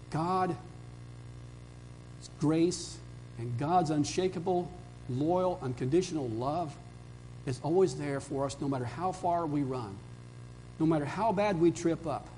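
Male pastor, fairly high voice, storytelling sermon that swings from emphatic peaks to hushed lines, faint hum behind. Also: low-quality recording. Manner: storytelling, rising to emphatic peaks then dropping soft.

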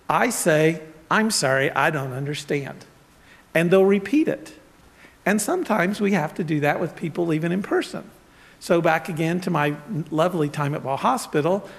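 Gravelly pastor in a reverberant hall. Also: male voice, a little high. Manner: conversational, storytelling, asides to congregation. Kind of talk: casual sermon with anecdotes.

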